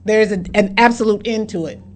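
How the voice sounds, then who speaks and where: A woman's voice: medium pitch, brisk. Blunt, profane woman ranting. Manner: blunt, profane, opinionated rants. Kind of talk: casual chat.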